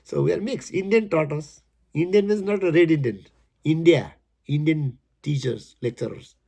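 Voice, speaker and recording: A man explaining his poem in halting, emphatic English, repeating his words as he goes. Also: on the high side, vocal fry, dark tone. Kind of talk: casual spoken explanation.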